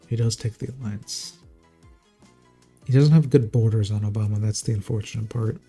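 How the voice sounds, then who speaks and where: A man's voice: fairly low pitch, dark tone, slightly rough. A man casting a strategy game live in a casual, jokey, chatty way. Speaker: game caster.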